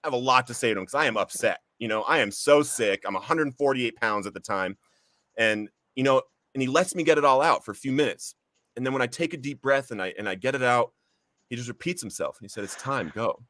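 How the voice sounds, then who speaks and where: A man's voice: medium pitch, animated, fast talker, fairly bright tone, no echo. A man hosting a recovery podcast, sharing a personal testimony in an earnest, heartfelt storytelling manner. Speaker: podcast host.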